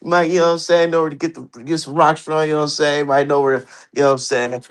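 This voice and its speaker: A man's voice: a little high, little pitch movement, rapid-fire, clear, resonant tone. A man hosting a casual boxing livestream, talking loosely and profanely and laughing at his own jokes. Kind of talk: casual live-stream commentary.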